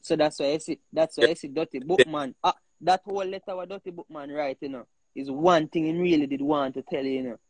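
A man with a Jamaican accent, hosting a heated casual talk, animated and emphatic, often repeating himself. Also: a little high, fast, few pauses, dry recording, poor audio. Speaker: host.

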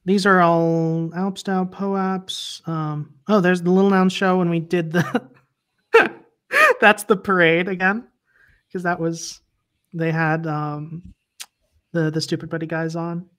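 A woman's voice: on the low side, takes it slowly, pauses often, a bit bright. A woman guest on a livestream interview, chatting casually and laughing often as she explains things.

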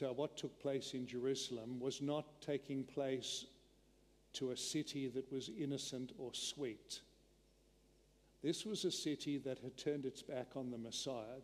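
A man preaching a sermon in an earnest way, slowing and dropping his voice to drive points home. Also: mid-range voice, darkish tone. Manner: earnest, slows and drops his voice to stress a point. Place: church. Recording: long church reverb.

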